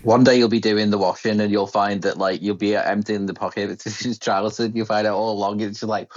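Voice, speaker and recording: A man's voice: fairly low pitch, steady tone, fairly quick, no room sound, muffled recording. A man co-hosting a casual podcast chat, joking and riffing. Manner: joking, riffing on pop culture. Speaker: podcast co-host.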